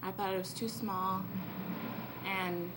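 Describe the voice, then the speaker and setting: Speaking slowly in a level, medium-pitched, slightly bright voice, a teenage girl in her late teens delivers a giggly, rambling thank-you as an honored student at a school event. The recording is noisy.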